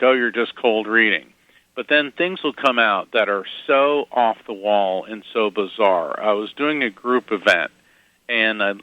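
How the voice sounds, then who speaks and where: A man's voice: on the low side, no echo. Chatty man telling stories, lo-fi sound. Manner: animated anecdotes with quick asides and chuckles. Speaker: guest psychic medium. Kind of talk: casual interview storytelling.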